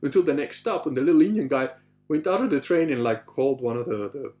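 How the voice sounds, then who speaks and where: A fast-talking middle-aged man with a medium-pitched voice hosts a podcast, answering listener questions with loose, rambling stories. Restarts, asides and "you know" come often, and he animatedly acts out voices.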